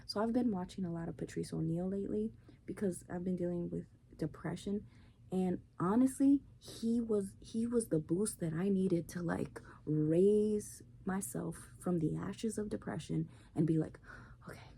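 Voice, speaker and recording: A woman's voice: fairly low pitch, normal speed, vocal fry, mellow. A woman hosting her own show, ranting bluntly and profanely in a casual opinion monologue. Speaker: podcast host. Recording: faint background noise.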